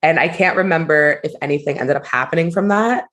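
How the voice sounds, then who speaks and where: A woman co-hosting a podcast, chatting in a gossipy, animated way and saying "like" a lot. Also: deep voice, fairly quick. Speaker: podcast co-host. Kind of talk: casual chat.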